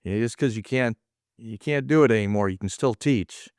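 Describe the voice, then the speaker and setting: A man's voice: lowish voice, moderate pace, darkish tone, no echo, studio quality. A middle-aged man, a martial arts instructor, casually rambling through anecdotes and acting out quoted dialogue. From United States. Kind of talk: casual storytelling.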